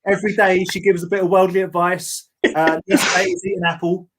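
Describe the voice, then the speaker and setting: A man's voice: sits high, flat delivery, fast, noisy background. A man hosting a live podcast, joking and bantering in stop-start sentences. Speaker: podcast host. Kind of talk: casual chat on a live stream.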